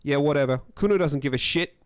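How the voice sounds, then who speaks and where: A man's voice: fairly high pitch, quick pace, clean tone, no room sound, natural voice. A young man voicing a cocky, foul-mouthed boy of about twelve who swaggers and talks about himself by name.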